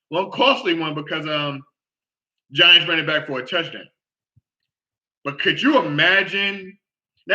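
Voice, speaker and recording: A man hosting a casual sports talk show, talking in an animated way, often repeating himself and asking "all right?". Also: high-pitched, dull audio.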